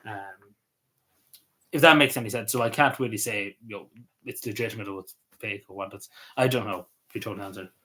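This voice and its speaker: This livestreamer's voice is husky and on the low side, carrying a Cavan Irish accent. He replies to comments in a relaxed, stop-start manner, letting the ends of phrases drop away quietly.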